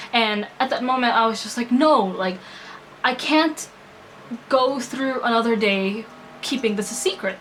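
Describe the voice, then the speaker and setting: A woman's voice: medium pitch, a bit bright, a little hiss or hum, rough recording. A young woman telling a personal story to her vlog audience, earnest and emotional, full of hesitations and restarts. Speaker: vlogger.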